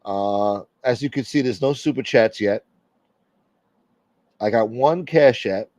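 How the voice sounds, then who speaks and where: A man's voice: mid-range voice, takes it slowly, a little mellow, no echo, dull audio. Brash, profane male livestream host. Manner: brash, profane, joking banter with viewers. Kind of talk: casual livestream chat.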